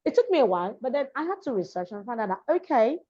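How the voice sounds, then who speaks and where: On dull, lo-fi audio, a Nigerian woman raised in Lagos, who coaches diction and public speaking, gives an interview where she stresses and restates her main points. She speaks quickly in a sing-song, fairly high voice with a dark tone.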